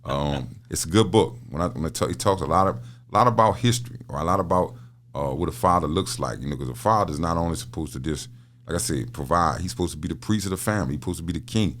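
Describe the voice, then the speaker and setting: Chatting casually as a podcast guest, a middle-aged prison minister talks quickly in a low, slightly bright voice. His storytelling is full of repeated words and frequent laughs.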